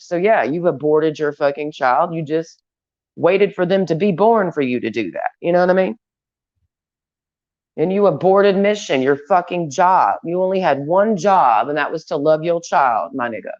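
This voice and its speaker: Woman, low voice, profane, rambling, blunt, muffled lo-fi recording. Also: a little mellow. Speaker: vlogger. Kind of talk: rambling stream-of-consciousness rant. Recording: dull lo-fi recording.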